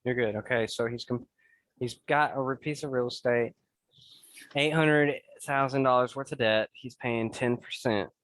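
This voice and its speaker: A man's voice: mid-range voice, steady tone, moderate pace, fairly bright tone, no room sound, poor audio. Easygoing man with a dry close sound. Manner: explains plainly, checks in with "okay?". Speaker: podcast host reacting to a clip. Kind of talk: casual commentary.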